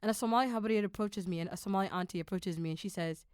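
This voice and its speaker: Woman, podcast host, smooth resonant voice, animated and emotional, dry sound. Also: medium pitch, racing, dry recording. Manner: animated, emotional, rambling recollection. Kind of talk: conversational interview.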